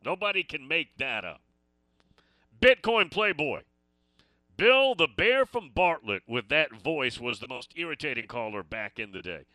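A man's voice: a little high, sing-song, measured pace, sharp tone, no room sound. A man hosting a sports call-in radio show, talking casually and rambling between stories and listener messages.

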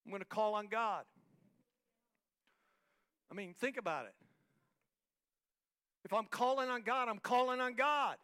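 A man preaching a sermon as pastor, his voice sitting very high with a piercing, bright edge. He builds rhythmic, repeated lines and swings from quiet talk to full shouts. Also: a little slow, pauses often, clear, resonant tone. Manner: repetitive, rhythmic emphatic phrasing. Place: church hall, live-streamed service.

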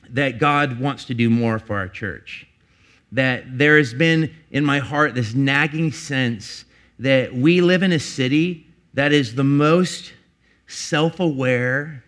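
A fairly bright-toned middle-aged man preaches as a pastor, his sermon heartfelt and confessional. He climbs toward emphatic peaks, then sinks into a low, personal register.

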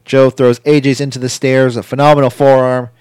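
A man co-hosting a casual chat, recapping a wrestling show in a rambling way with quick impressions. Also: mid-range voice, level tone, a little mellow, clean tone, no room sound, studio quality. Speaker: podcast co-host recapping wrestling.

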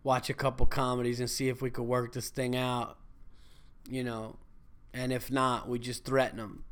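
A man's voice: mid-range voice, level tone, a little slow, pauses often, clear, resonant tone. A man hosting his own podcast, talking alone in a loose, profane, rambling and jokey way. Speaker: podcast host. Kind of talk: casual solo podcast monologue.

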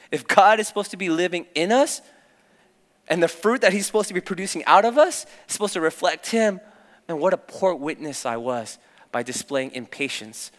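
A young man preaches with a bright, forceful edge, telling personal stories in a candid and animated way. His voice sits a little high for a man. A long reverb trails each phrase, as from a big church hall. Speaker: youth pastor. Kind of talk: sermon.

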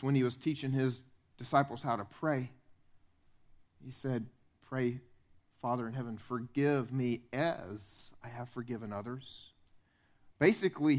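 A man preaching a sermon as pastor in a church, animated and conversational, acting out the voices of the people in his stories. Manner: animated, acts out quoted voices with big pitch swings.

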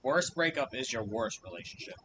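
A man co-hosting a casual chat, throwing in quick teasing banter and casual swearing, with a noisy rumbling background. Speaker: podcast co-host.

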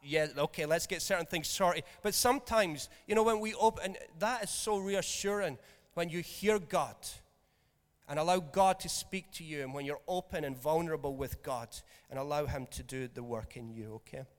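A man preaching in a relaxed, conversational way, with a slightly high voice. He keeps checking in with his listeners. The sound carries the long reverb of a church hall. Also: moderate pace. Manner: conversational, jokey, checks in with "okay?". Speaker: pastor. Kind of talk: sermon.

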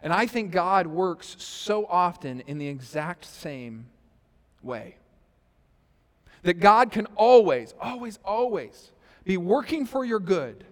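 A man in his thirties preaching a sermon, telling a personal story with quoted asides and loudness that rises and falls. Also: sits high. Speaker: pastor. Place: church sanctuary. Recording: reverberant church hall.

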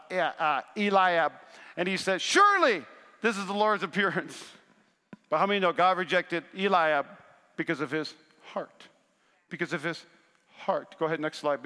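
Bright-voiced preacher in a reverberant hall. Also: male voice, high-pitched. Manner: preaching with rising bursts of intensity and call-and-response to the congregation. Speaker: pastor. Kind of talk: sermon. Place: large church sanctuary. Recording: long church hall reverb.

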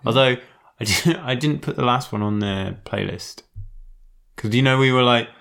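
A man in relaxed podcast conversation, with a voice of ordinary pitch. He makes dry, wry remarks. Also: normal speed, vocal fry. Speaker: podcast co-host. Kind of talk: casual chat.

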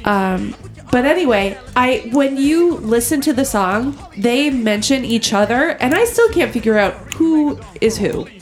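A woman's voice: a little high, expressive, unhurried, soft background music. A woman chatting casually as a podcast host, giggly and rambling with many fillers. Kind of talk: casual chat.

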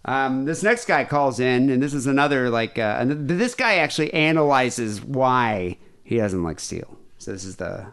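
A man's voice: medium pitch, expressive, normal speed, fairly bright tone, clear, resonant tone. Loose, rambling male podcast host. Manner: rambling, loose, frequent fillers and restarts. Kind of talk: casual call-in show chat.

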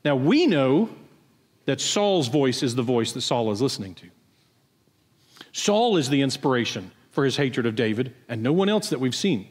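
A man's voice: mid-range voice, sing-song, measured pace, pauses often, big-room sound. A man preaching a sermon, explaining a passage in a conversational way and asking his listeners pointed questions. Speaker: pastor. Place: church sanctuary.

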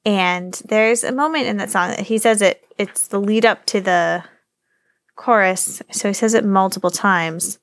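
A woman with a gravelly, fry-laden voice co-hosts a casual podcast chat. She is blunt and teasing and states her opinions plainly. Her voice sounds dry and close. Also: mid-range voice, a little slow, dry recording. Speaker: podcast co-host.

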